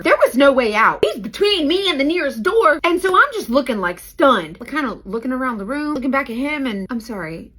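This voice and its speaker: A woman with a high voice talks quickly through a funny story from her work. She is sassy and animated, full of slangy asides to the listener, recorded close to the mic. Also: rough recording. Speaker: private investigator and beauty content host. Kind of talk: casual comedic storytelling.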